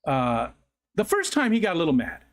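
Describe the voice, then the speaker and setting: A man's voice: a little high, wildly swooping pitch, brisk. A middle-aged man hosting a livestream, telling rambling stories in casual chat, often correcting himself and laughing. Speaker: livestream host.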